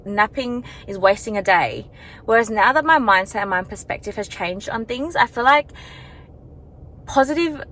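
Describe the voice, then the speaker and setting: A young woman chats into her camera as she walks outdoors, her voice sitting at an ordinary middle pitch. She rambles in a relaxed, self-reflective way, peppering her talk with fillers. Faint outdoor noise sits far behind her. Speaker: vlogger. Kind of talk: casual vlog chat. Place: walking outdoors.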